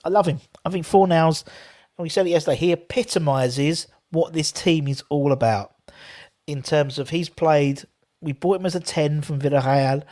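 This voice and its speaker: A man's voice: a little high, dark tone. A man hosting a casual football fan live stream, chatting and rambling while reading out viewer comments. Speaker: fan channel host.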